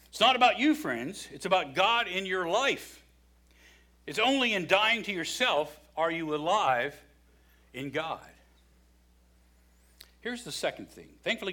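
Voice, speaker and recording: A man preaching a sermon, lively and expressive, acting out the voices in his story. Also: high voice. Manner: animated preaching, acts out quoted voices. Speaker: pastor.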